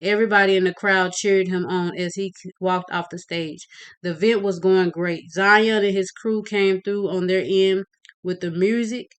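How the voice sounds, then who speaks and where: A woman reading her novel aloud in a steady narrating voice, with occasional slips. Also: mid-range voice, moderate pace, smooth. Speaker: audiobook reader.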